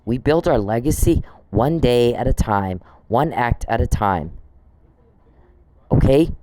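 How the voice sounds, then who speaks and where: On a podcast, a man launches into an angry, profane monologue, scolding one person directly and sounding indignant. His mid-range voice is expressive, warm, and slow, recorded without echo but in poor audio quality.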